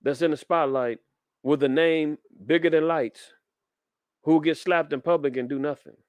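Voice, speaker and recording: Fiery preaching man, slightly high voice. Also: fairly even intonation, moderate pace, smooth, no echo. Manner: fiery, preachy, street slang, reads headlines aloud. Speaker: podcast host. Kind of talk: preaching commentary on news.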